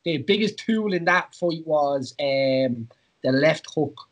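A man's voice: a little high, animated, slow pace. An Irish man hosting a podcast in casual chat, rambling with many fillers and frequent laughs. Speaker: podcast host, former fighter.

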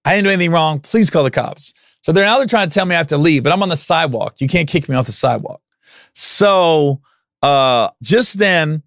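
A man in his forties hosting a podcast, telling a personal story in a casual, animated way and acting out what people said. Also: fairly high pitch, creaky, no room sound, clean studio sound. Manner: animated, acts out quotes in loud raised voices. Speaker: podcast host.

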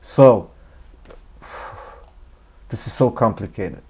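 A man's voice: on the low side, extremely slow, a crowd in the background. Chatty, profane man with a foreign accent. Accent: non-native English. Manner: chatty, profane, laughs often. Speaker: host reacting to a video. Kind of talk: casual reaction commentary.

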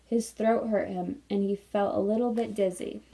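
A woman teacher reading a children's novel aloud to a class in a steady, unhurried way. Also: mid-range voice, vocal fry, poor audio.

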